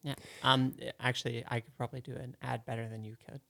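A man co-hosting a live studio radio show, his mid-pitched voice full of gravelly fry. He talks in a thoughtful, hesitant way, filling his pauses with ums. The sound is dry and close. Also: level tone, a bit bright, no room sound. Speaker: radio co-host. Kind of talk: casual radio chat.

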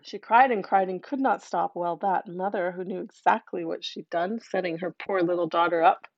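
A woman telling a dark fairy tale aloud, animated, dropping in chatty asides to her listeners. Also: fairly low pitch, moderate pace, no room sound, lo-fi sound. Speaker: storyteller.

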